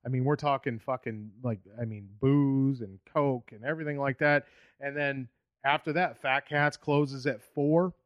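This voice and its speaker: A man's voice: mid-range voice, steady tone, normal speed, dry recording, muffled recording. A man with a Boston accent, a comedian in his thirties, telling stories in a rambling, profane way on a casual podcast. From Boston area, USA. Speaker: comedian guest.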